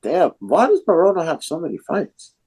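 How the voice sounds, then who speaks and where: A man's voice: on the high side, very animated, moderate pace, a little mellow, breathy edge. A man on a casual fight podcast, reacting to stats with surprised asides. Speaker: podcast co-host. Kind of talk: casual chat.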